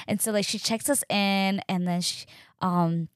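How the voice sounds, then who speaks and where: Young woman rambling through a story, lots of "like", jumps up high when quoting people, dry close sound. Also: normal speed, no room sound. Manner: chatty, animated, acts out quoted voices with pitch jumps. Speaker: podcast host sharing her birth story. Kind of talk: casual storytelling.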